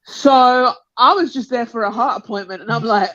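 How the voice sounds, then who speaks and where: A woman's voice: on the high side, normal speed, a bit bright, no echo. Chatty woman telling a story. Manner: chatty, rambling, laughs often, acts out voices in quotes. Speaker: panel guest telling a birth story. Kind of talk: casual storytelling on a live panel. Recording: dull, lo-fi call audio.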